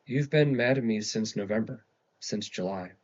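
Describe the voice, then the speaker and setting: A man reading aloud and voicing a quiet, caring young woman talking gently to her sister in a storybook. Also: fairly low pitch, normal speed, dull audio, natural voice. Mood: gentle.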